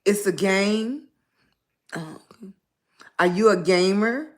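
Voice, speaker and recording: A middle-aged woman with a Southern US accent and a slightly raspy voice, rambling in casual livestream chat and greeting viewers by name. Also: mid-range voice, slow pace. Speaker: lifestyle blogger live streaming.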